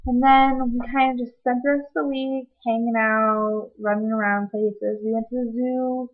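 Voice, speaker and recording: A woman's voice: on the high side, steady tone, normal speed, soft background music. A young woman giving a casual personal update vlog, chatty and rambling, with many ums. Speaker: vlogger. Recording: slightly dull lo-fi webcam audio.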